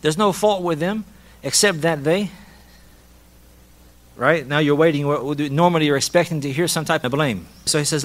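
A man's voice: on the high side, normal speed. A man teaching a lesson on a hadith and Arabic rhetoric, repeating key phrases, mixing in Arabic terms and laughing lightly. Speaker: Islamic teacher.

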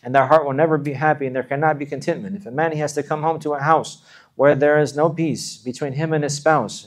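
A man's voice: fairly high pitch, a little mellow. A man preaching a sermon, earnest and repetitive, often restating phrases for emphasis. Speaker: Islamic preacher.

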